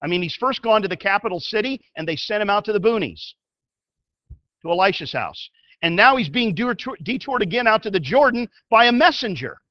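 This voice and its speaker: A man preaching a sermon as a pastor. He tells the story in an animated way and swings from loud to hushed. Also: sits high, fairly quick, no echo, muffled recording.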